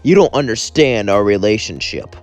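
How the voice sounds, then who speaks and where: A man voicing a calm, menacing male demon swordsman with a cool, curt manner. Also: on the low side, normal speed, faint music behind, lightly acted. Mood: cold.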